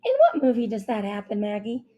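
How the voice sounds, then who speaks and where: A woman voicing a worried teenage older sister who speaks quietly and earnestly. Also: medium pitch, wildly swooping pitch, brisk.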